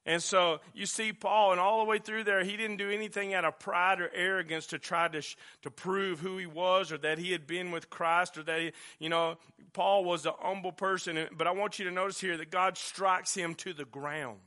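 High, bright-voiced preaching man. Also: fairly even intonation, moderate pace, few pauses. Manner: impassioned preaching, swinging from hushed to loud. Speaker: pastor. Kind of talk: sermon.

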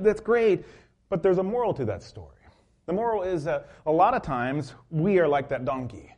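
A man's voice: a little high, darkish tone. A man preaching a sermon as pastor, telling a story with many fillers and restarts.

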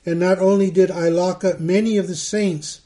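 A man's voice: high-pitched, steady tone, normal speed, warm tone. A man, a middle-aged pastor, reading Bible verses and explaining them in a conversational teaching style, often repeating words as he thinks.

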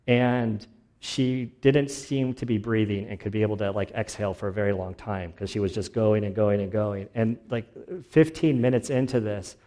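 A man's voice: medium pitch, warm tone. A male pastor preaching a casual sermon, telling stories with many fillers and restarts.

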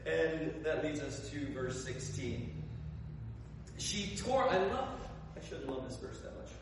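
A male pastor preaches with lively, storytelling energy, acting out the people in his tale. His slightly high voice is heard from a distance, ringing through a large, reverberant hall with a faint background hum. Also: takes it slowly. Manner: animated storytelling, acts out characters. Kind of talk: sermon. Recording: echoey hall, voice from far off.

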